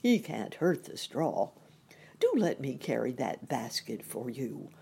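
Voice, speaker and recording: A woman voicing a friendly, earnest male scarecrow stuffed with straw, in a husky, courteous storybook voice. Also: extremely low pitch, big pitch swings, warm tone, exaggerated voice. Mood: confiding. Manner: slow, courteous, confiding. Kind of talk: storybook reading.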